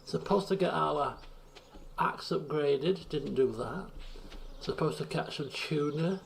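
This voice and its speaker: A man's voice: fairly high pitch, slow pace, vocal fry, slight background noise. A man commentating a game live on stream, exasperated and self-mocking, laughing often at his own mistakes. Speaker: gaming streamer.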